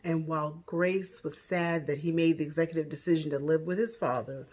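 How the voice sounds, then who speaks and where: A woman with a slightly low voice recaps a TV drama episode in a casual, outspoken way. She is animated and breaks into loud exclamations as she talks straight to her viewers. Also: a little fast. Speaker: TV show recap vlogger.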